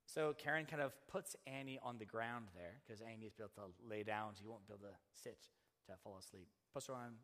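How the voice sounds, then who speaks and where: A man in his thirties preaching a sermon, telling a personal story and acting out the voices of the people in it. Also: mid-range voice. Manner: animated storyteller who acts out quoted voices. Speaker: pastor. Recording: hall reverb.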